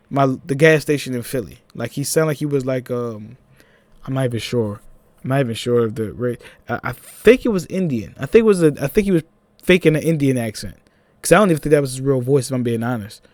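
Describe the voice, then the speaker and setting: A young man with a Philadelphia accent, telling a personal story in a casual, animated vlog, with laughing asides. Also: mid-range voice, no room sound.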